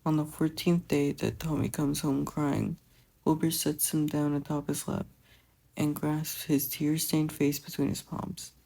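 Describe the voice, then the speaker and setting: A podfic reader narrating a story in a calm, even, gravelly and husky voice. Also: medium pitch, unhurried.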